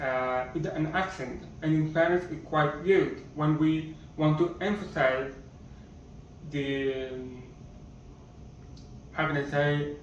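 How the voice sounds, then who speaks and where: A man teaching a basic language lesson at a slow, patient pace and repeating each word, recorded from a distance so it sounds muffled. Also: on the high side, heavy reverb, slight background noise. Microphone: camera or phone far from speaker.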